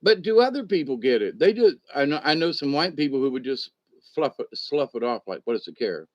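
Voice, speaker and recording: In a casual, rambling monologue, a man with a fairly high, expressive voice talks fairly quickly, frequently restarting his sentences, repeating words, and playing out imagined conversations. He's a commentator, recorded with no room sound and with the high frequencies cut off.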